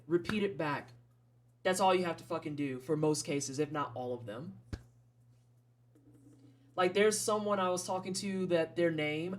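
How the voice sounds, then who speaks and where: Streamer, Midwestern American accent, average pitch; loose, frank live commentary full of tangents and casual cursing. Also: a little hiss or hum. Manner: rambling, frank, swears casually. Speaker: streamer playing game demos.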